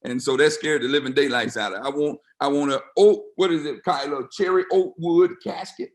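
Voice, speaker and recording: A man's voice: on the high side, a little fast. A middle-aged man, a pastor, talking to his congregation over a video call in a folksy, emphatic way, repeating phrases for effect. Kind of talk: casual church talk.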